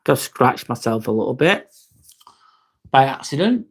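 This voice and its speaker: A man's voice: medium pitch, very animated, unhurried, husky. A man with an East Lancashire accent hosting a casual live chat, laid-back and chummy, calling everyone mate and swearing freely. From Northwest England. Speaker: livestream host. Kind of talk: casual live chat, reading viewer comments.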